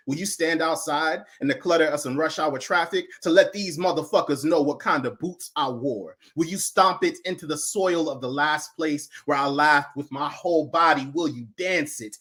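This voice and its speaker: Man performing spoken word poetry. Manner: building from low and hushed to loud, chanting intensity. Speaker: poet.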